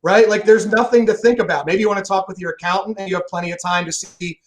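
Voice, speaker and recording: A man talking fast and emphatically in a casual interview about selling, rambling and swearing freely. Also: high-pitched, steady tone, poor audio. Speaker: solar sales pro guest.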